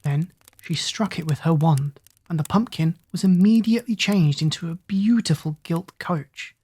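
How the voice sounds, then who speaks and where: A woman narrating a bedtime fairy tale for children in a calm, soothing way. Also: lowish voice, moderate pace, breathy edge. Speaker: storyteller.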